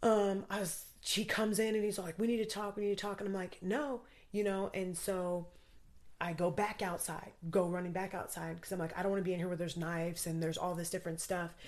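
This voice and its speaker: A woman's voice: fairly low pitch, little pitch movement, fairly quick, darkish tone. A woman guest recounting a frightening personal story, talking urgently with lots of fillers. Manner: urgent, vivid retelling with many fillers.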